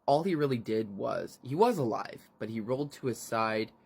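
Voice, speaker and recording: A man's voice: medium pitch, lively intonation, normal speed, gravelly, darkish tone, slightly rough. A man casually recapping a horror novel, rambling and swearing freely between fillers. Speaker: book reviewer.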